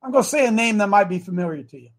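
A man with a high, expressive voice fires off a rapid sermon mixed with politics. Calling for amens and repeating himself, he talks directly to the people around him.

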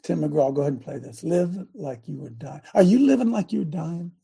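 A man hosting a talk show in a preachy, rambling rant. He swings from loud outbursts to low asides and restarts his sentences often. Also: animated, moderate pace, creaky, slightly rough. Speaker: show host.

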